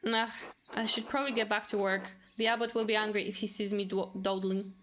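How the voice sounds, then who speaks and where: A woman's voice: mid-range voice, fairly even intonation, a little fast, a bit bright, a little hiss or hum. A woman streamer giving casual gameplay commentary, with playful, exasperated asides while reading game dialogue aloud. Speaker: gaming streamer.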